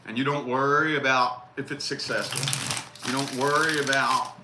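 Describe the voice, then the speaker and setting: A man's voice: mid-range voice, steady tone, normal speed. A man giving casual live tarot readings, blunt and profane, repeating his key phrases. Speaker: tarot reader. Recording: roomy echo with faint noise.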